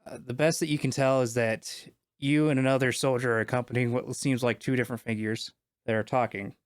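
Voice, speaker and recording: A man's voice: medium pitch, steady tone, a little fast, dry recording, studio quality. Man running a tabletop game. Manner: casual, many fillers and restarts. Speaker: game master.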